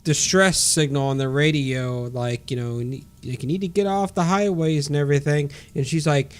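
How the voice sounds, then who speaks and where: A man with a somewhat high voice walks through a movie's story in a loose, chatty way. He leans on fillers and throws in a casual swear now and then. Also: moderate pace, hardly any pauses, clean tone. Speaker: podcast co-host. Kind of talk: casual film recap.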